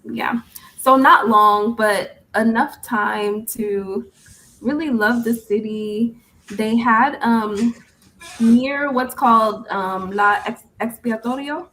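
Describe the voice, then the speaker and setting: Slow, patient woman English tutor. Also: a little high, low-quality recording. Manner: patient, gently correcting, laughs often. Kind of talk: casual online tutoring chat. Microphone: video call.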